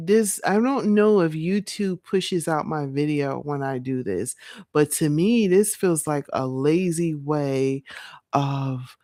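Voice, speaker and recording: Late at night, a woman vlogs casually, rambling to her viewers. She sounds tired but breaks into excited squeals. Her voice is deep and slow, captured in a dry, studio-quality recording.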